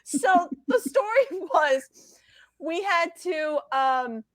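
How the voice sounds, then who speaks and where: High-pitched woman guest, chatty and animated, cusses a lot, dry close sound. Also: drawn-out words, dry recording. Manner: animated, swears freely, laughs between lines. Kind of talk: casual storytelling.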